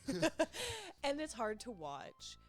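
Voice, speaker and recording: A young woman talks as a podcast guest, her voice rising and falling widely as she tells her stories. She is dramatic and expressive, and faint music sits behind her. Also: a little high, slow. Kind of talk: casual chat.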